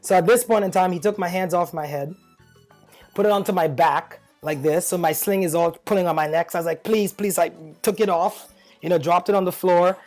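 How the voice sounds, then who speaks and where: A man talking to camera, telling a personal story in a chatty, animated way, full of fillers and nervous laughs. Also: high-pitched, brisk, soft background music. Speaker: vlogger.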